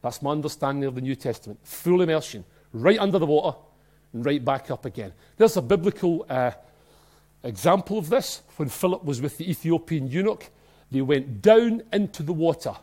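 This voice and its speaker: Excitable Scottish pastor preaching. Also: male voice, fairly high pitch, normal speed. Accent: Scottish, Glasgow. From Scotland. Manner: emphatic, swings between soft and loud, excitable. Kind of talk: sermon. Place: church.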